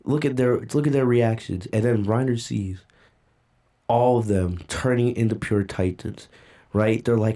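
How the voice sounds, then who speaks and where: A man hosts a casual reaction video from a home streaming setup, holding back tears as he walks through a manga chapter. His voice sits mellow and soft-edged, and he talks in a loose, rambling way, full of "you know" and "right?". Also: lowish voice, measured pace. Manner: emotional, recaps events loosely with fillers. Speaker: manga reaction channel host.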